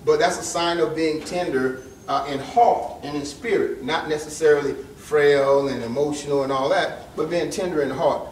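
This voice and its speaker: A man's voice: on the high side, steady tone, moderate pace, hardly any pauses, a little hiss or hum. A man in his forties giving a conversational motivational lecture to young men and asking the audience direct questions. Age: 40s. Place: lecture hall. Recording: echoey hall recorded from far off.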